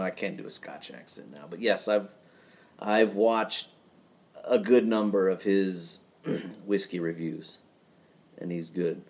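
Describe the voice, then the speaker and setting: Late at night in his home garage, a man rambles easily on his own live stream, slipping in chuckling asides, his voice on the low side.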